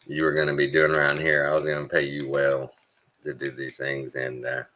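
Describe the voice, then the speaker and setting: A man's voice: extremely low pitch, completely flat delivery, pushed and bright, lo-fi sound. A middle-aged man from Texas, telling a rambling, blunt story in a casual rant. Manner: rambling, blunt, halting with fillers. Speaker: vlogger.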